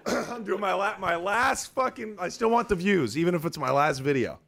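Animated young man telling stories. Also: sits high, normal speed, creaky, a crowd in the background. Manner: animated storyteller, acts out quotes, swears freely. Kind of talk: casual chat.

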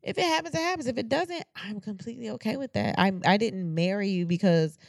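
A woman's voice: medium pitch, gravelly, darkish tone, no room sound, studio quality. A woman co-hosting a podcast, talking frankly and with plenty of swearing, often restarting her sentences in casual chat. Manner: frank, profane, halting restarts. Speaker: podcast co-host.

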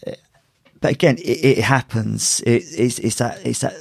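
A man's voice: medium pitch, normal speed, gravelly, darkish tone, breathy edge, no echo, studio quality. A man, a martial arts instructor and podcast guest, telling a story casually with many restarts and frequent laughter. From United Kingdom.

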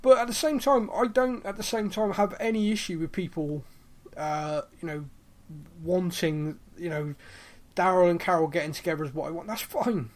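Man, podcast co-host, casual chat, fillers, voice a bit high. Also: fairly even intonation, normal speed. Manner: chatty, lots of ums, acts out quoted lines. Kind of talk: casual chat reviewing a TV episode.

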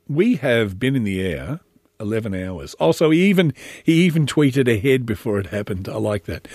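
Husky, sardonic Aussie man rambling. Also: on the low side, expressive, normal speed, a little mellow, no room sound, clean studio sound. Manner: sardonic, meandering, jokey asides. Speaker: podcast host. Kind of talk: rambling solo commentary.

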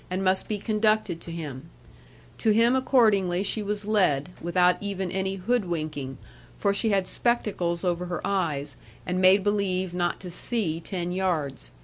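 A woman narrating a classic novel as an audiobook, in a measured storytelling voice. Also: medium pitch. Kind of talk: reading a classic novel aloud.

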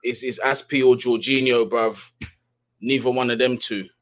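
A man's voice: medium pitch, fairly even intonation, moderate pace, fairly bright tone. A man, a co-host in casual chat who chimes in with agreement and slang.

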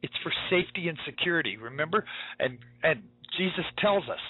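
A man's voice: on the high side, expressive, a little fast, breathy edge, dry recording. A male radio host giving an urgent, preaching monologue, emphatic and repetitive, heard over a tinny, phone-like line.

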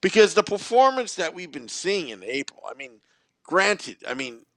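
A man co-hosting a casual sports podcast, wry and measured. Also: high voice, big pitch swings, fairly bright tone, dry recording. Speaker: podcast co-host.

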